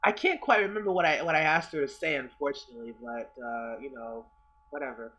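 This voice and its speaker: Young guy vlogger, bright, stammery and sweary. Rambles as he tells a story. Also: medium pitch, a little fast, highs cut off. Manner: rambling, stammering, repeats himself, swears a lot. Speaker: vlogger telling a personal story. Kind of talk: casual storytelling.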